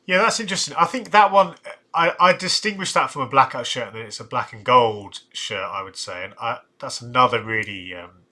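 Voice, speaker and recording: Ranking football shirts on a casual live stream, the host has a mid-range voice that's fairly quick, bright and forceful. He's tired and yawning, thinking out loud with restarts and side comments.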